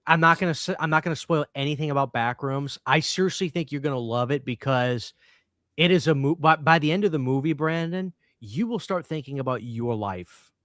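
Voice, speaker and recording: Chatty dude co-hosting a stream, kinda high voice, jumps in a lot. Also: male voice, brisk, no echo, clean studio sound. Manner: animated, chatty, talks over others. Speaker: podcast co-host. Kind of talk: casual live-stream chat.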